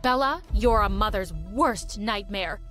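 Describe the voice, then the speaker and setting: Brief: woman doing cold, cruel cartoon mom, lively pitch, light music behind. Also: unhurried. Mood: scornful. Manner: cold, cutting scolding. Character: harsh, cruel mother scolding her daughter. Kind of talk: animated story voice acting.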